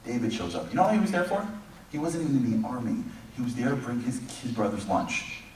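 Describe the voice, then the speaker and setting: A man delivers a lively, humorous speech, his pitch leaping as he plays out characters in comic voices. He is heard from a distance, and the sound rings through a big echoing synagogue hall. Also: fast talker, slight background noise. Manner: animated storyteller, mimics characters comically. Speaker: speaker. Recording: distant echoey hall recording.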